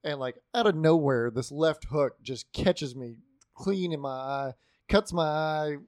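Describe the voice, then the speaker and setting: A man co-hosting a casual gaming podcast, telling a story in a relaxed, rambling way. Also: a little high, unhurried, no echo, clean studio sound. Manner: laid-back, rambling storyteller. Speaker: podcast co-host.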